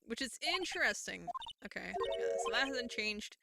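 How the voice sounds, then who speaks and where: A woman's voice: a little high, expressive, moderate pace, gravelly, heavy background noise. A young woman streamer musing aloud in casual commentary while playing a mystery game.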